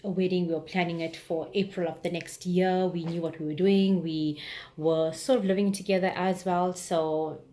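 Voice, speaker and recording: A woman's voice: lowish voice, steady tone, moderate pace, warm tone. A woman, telling a personal story on her vlog in a chatty, rambling, frank way. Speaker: vlogger.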